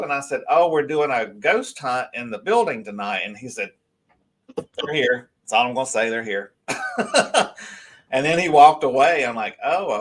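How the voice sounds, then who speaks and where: Man, rambling, animated, guest storyteller on a live show. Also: medium pitch.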